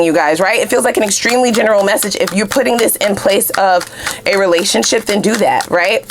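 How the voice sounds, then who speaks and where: A woman giving a tarot reading in a casual, chatty, profane way, often jumping up into loud high exclamations. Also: lively intonation, fast, noisy background. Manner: chatty, blunt and profane, with frequent "you know what I'm saying". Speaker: tarot card reader.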